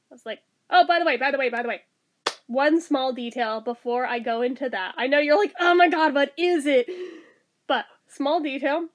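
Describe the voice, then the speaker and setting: A young woman vlogging a story in casual chat, excited and swearing freely as she quotes herself and her coworker. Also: high-pitched.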